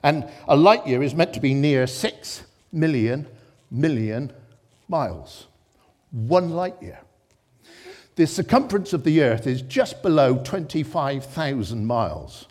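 A man preaching a sermon in church, impassioned, swinging between loud exclamations and hushed reflection. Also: medium pitch, expressive, unhurried.

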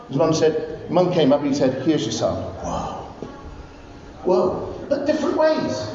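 A man preaching a sermon, telling Bible stories with animated, rising exclamations. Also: high voice. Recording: distant, roomy, dull recording with faint noise.

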